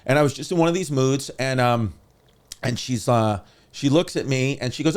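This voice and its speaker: A man in his thirties with a New York accent, a comedian telling a rambling, animated story in casual podcast chat. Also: medium pitch, moderate pace. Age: 30s. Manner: rambling, animated, many restarts and fillers.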